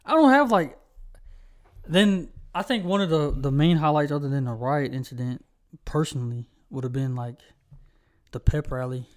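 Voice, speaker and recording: A man's voice: a little high, normal speed, pauses often. A young man co-hosting a podcast, telling stories in a rambling casual way, full of fillers. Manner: rambling storytelling with many fillers. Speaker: podcast co-host. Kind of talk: casual chat.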